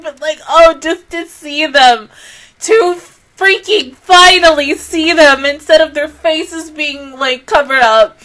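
A young woman reviewing an anime episode in a casual, emotional way, gushing and laughing through tears, then softer and lower when she calms down. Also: takes it slowly. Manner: gushing, tearful, laughing between words. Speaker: anime reaction YouTuber.

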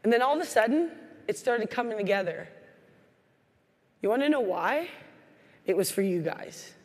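Energetic woman speaking in a reverberant hall. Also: a little high, normal speed. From Canada. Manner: energetic storytelling, acting out quoted voices. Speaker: keynote speaker. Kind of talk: motivational keynote speech. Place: large hall.

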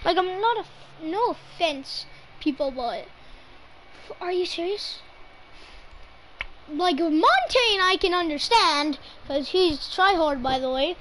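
A woman streaming her gameplay, giving excitable live commentary and teasing her teammates in mock outrage. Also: very high-pitched, slow, long pauses, slight background noise, poor audio. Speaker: gamer streaming her play.

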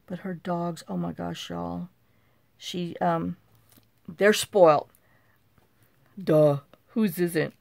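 A woman with a low, gravelly voice tells rambling stories while she crafts. She repeats herself as she goes and is easily amused, like she's gossiping with a friend. The sound is dry and close, with no room echo. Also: fairly even intonation, very slow, long pauses, a little mellow. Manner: rambling, repeats "I said" and "you know". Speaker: crafting channel host. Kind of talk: chatty storytelling while crafting.

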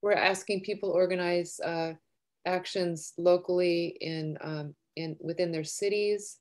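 A woman activist addresses a panel with an earnest, urgent appeal. Her voice sits a little low, and she presses listeners to organize and join in. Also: fairly even intonation, a little slow. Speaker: anti-drone activist organizer. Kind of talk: panel talk.

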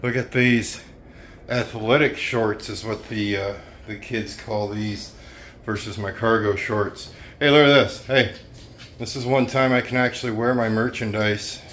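A man's voice: fairly low pitch, steady tone, measured pace, fairly bright tone. A man, a trucking vlogger, chatting casually on a road trip in a rambling, easygoing way with many fillers. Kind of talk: casual vlog chat. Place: in and around a pickup, outdoors. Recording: noisy outdoor vehicle recording.

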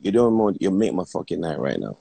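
Jamaican livestream host, deep and lively, excitable and profane, repeats himself. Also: male voice, brisk, vocal fry, slightly rough, no room sound. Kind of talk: casual livestream chat.

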